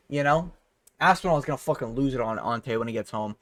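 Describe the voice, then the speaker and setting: A man's voice: mid-range voice, lively intonation, fairly quick, fairly bright tone, no echo, studio quality. A man vlogging a casual fight breakdown, rambling, sarcastic and swearing freely. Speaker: MMA commentator vlogger.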